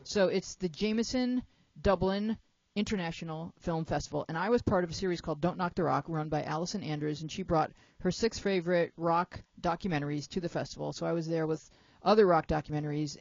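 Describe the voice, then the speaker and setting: A woman's voice: deep voice, creaky, darkish tone, no room sound, muffled recording. A woman hosting a talk show in a chatty, playful way, jet lagged and joking with her young panel. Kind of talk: casual chat.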